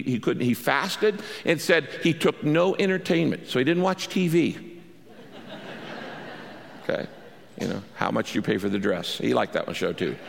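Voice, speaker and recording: Male preacher, emphatic and animated, slightly higher voice, echoing hall with faint music. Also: creaky. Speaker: pastor. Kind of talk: sermon.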